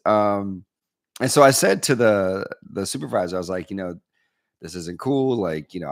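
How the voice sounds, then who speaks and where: Deep-voiced guy telling a travel story on stage, acts out all the dialogue. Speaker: keynote speaker. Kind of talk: storytelling talk.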